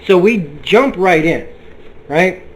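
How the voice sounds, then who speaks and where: A man talks through a comic book review in a loose, rambling way. He swears freely and gets worked up as he goes. His voice sits a little above the usual male pitch. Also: slow, poor audio. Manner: excitable, profane, rambling. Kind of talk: casual spoken review.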